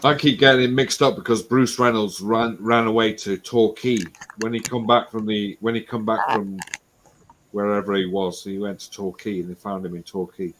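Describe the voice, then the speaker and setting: A man's voice: on the low side, flat delivery, moderate pace, a bit bright. Sweary man chatting on a stream. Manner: sweary, rambling, laughs a lot. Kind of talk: casual banter.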